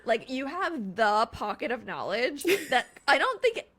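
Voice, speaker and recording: A woman's voice: on the high side, very animated, unhurried, sharp tone. Laughing enthusiastic young woman guest. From Canada. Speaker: podcast guest. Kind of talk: casual podcast chat.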